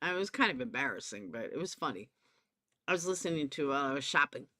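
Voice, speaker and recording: A woman's voice: low-pitched, expressive, fast talker, bright, forceful tone. A woman with a Southern US accent giving a profane, sarcastic commentary rant, calling people out directly. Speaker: commentary YouTuber. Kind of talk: ranting drama commentary.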